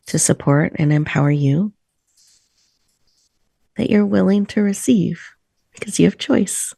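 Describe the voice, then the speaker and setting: A woman hosting a video-call show, leading a slow, soothing guided breathing meditation. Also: low voice, gravelly, no echo, studio quality. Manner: soft, slow, soothing guidance. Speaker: host. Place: virtual room, video call.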